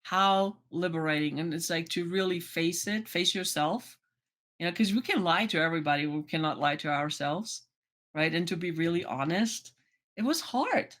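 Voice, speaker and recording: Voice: mid-range voice, normal speed. A life coach talking casually to a vlog audience, chatty and full of "you know" and "right?", acting out remembered conversations. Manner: acts out remembered conversations in lively voices. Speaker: life coach and channel host.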